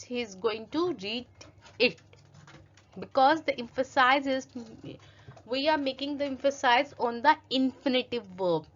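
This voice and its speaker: A woman's voice: on the high side, lo-fi sound. A woman teaching a French grammar lesson from slides, reading each French example and then translating and explaining it step by step in English.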